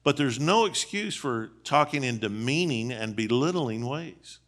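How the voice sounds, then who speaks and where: A middle-aged man preaches in a relaxed, conversational way, his voice bright and forceful. He talks in plain, folksy terms and keeps throwing rhetorical questions at his listeners. His pitch sits mid-range for a man. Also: a little slow. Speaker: seminary dean teaching on marriage. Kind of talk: conversational sermon. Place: church.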